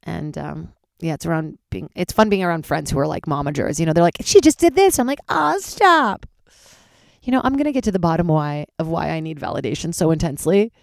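A woman in her thirties, a comedian, chatting alone from her closet, candid and swearing, sounding tired and jumping into high squeaky voices for her own reactions. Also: lively intonation, quick pace, vocal fry, few pauses, darkish tone, no echo, clean studio sound. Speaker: comedian podcast host. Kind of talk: casual solo chat.

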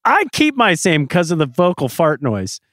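A man's voice: on the high side, huge pitch swings, moderate pace, fairly bright tone, dry recording, studio quality. A man co-hosting a podcast in casual chat, opinionated and sarcastic. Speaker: podcast co-host.

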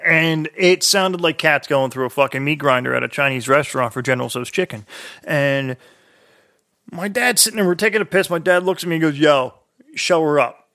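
A man with a bright, somewhat high voice and a slight lisp, who has been drinking. He tells a rambling, profane story in a loose, casual chat, restarting his sentences again and again. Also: brisk.

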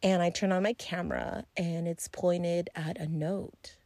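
A woman's voice: on the low side, fairly even intonation, a little slow, dark tone, no room sound. A woman hosting a podcast, telling a casual story in a rambling way, swearing freely and using lots of fillers. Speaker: podcast host.

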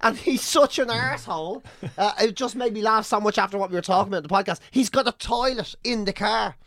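A man's voice: high voice, fast, dry recording, studio quality. An Irish man co-hosting a podcast, telling stories animatedly, swearing often. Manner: animated storytelling, swears often, breaks into chants. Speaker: podcast co-host. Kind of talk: casual chat.

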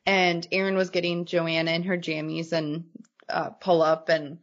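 A woman co-hosting a podcast who tells family stories in a lively casual chat. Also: lowish voice, moderate pace, dull audio. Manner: animated storyteller, acts out her daughter's lines. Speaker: podcast co-host.

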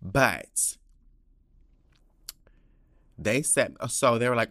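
A man hosting a casual solo podcast, telling stories in a sassy, profane way, with big jumps in pitch and loudness. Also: slow, pauses often, no echo, studio quality. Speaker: podcast host. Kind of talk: casual monologue.

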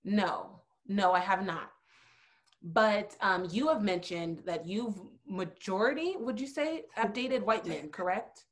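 A woman's voice: medium pitch, lively intonation, takes it slowly. A young woman with a mid-range voice chats casually. She shares stories and asks questions in an easy, conversational way.

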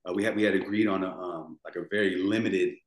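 A man in his forties tells his story as a podcast guest, rambling and restarting his sentences as he goes. His voice sits on the low side. The room has a noticeable echo around him. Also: steady tone, fast. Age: 40s. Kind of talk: emotional storytelling. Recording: roomy echo.

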